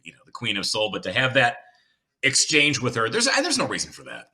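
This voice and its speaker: A man from Detroit hosting a casual interview, asking halting questions with fillers. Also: mid-range voice, huge pitch swings, bright, forceful tone. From Detroit, USA. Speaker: podcast host.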